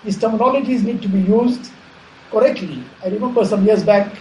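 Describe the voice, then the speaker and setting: A man giving a measured Islamic sermon, repeating phrases and explaining Arabic terms. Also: sits high, a little mellow, a little hiss or hum. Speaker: Islamic preacher. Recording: echoey room, faint ambience.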